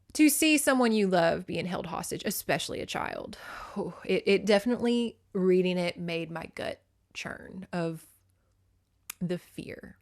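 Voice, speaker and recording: A young woman podcast host recapping a novel in a casual, chatty way, swearing often and acting out the characters. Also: mid-range voice.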